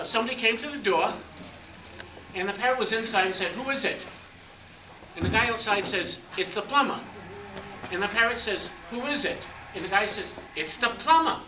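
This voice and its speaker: A man telling family stories and deadpan jokes over old slides at a family party. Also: high-pitched. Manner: deadpan joke-telling with laughter. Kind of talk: joking slideshow storytelling. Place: party room with guests at tables. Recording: echoey room, voice from far off, noisy.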